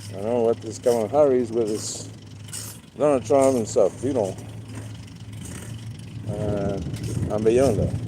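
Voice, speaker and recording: Slow, rambling man with street noise. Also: fairly low pitch, dark tone, rough recording. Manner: rambling, repeats words, many fillers. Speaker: livestream host. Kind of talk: casual live-stream monologue.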